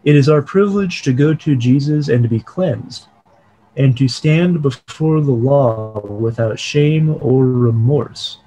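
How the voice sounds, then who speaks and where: A man leading an online Bible study over a video call. He reads quoted passages aloud and then explains them calmly. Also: mid-range voice, a little slow, poor audio.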